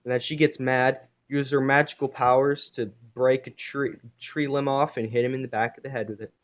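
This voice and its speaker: Quiet, self-mocking man reading his comic. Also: mid-range voice, level tone, moderate pace. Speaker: video creator.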